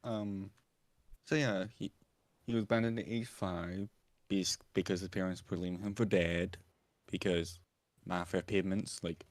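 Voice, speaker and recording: A man's voice: low voice, steady tone, measured pace, no room sound. A British man chatting casually on a stream, rambling and laughing at himself as he explains a fan series he voices. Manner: rambling, self-mocking, laughs often. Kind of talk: casual chat while streaming.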